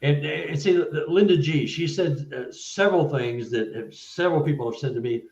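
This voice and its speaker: Echoey man telling a story haltingly. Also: fairly high pitch, lo-fi sound. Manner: halting, stuttered restarts, animated when retelling events. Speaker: guest, author. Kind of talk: casual storytelling in a live interview.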